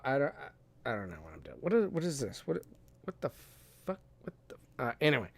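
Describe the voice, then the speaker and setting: A man's voice: fairly high pitch, big pitch swings, brisk, no echo. A young adult man hosting a livestream, rambling and cursing, laughing often as he reads and answers chat. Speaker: streamer host.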